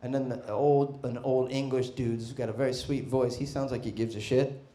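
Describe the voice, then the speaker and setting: A man doing a stand-up comedy set, brash and profane, bursting into loud shouts. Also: medium pitch, fairly even intonation, normal speed. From Boston. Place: comedy club stage.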